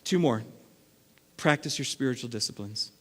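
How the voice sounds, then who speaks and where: A man preaching a sermon as lead pastor, acting out everyday scenes and swinging between loud bursts and hushed stretches. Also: medium pitch, lively intonation, normal speed, husky. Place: church sanctuary. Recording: long reverb of a large hall.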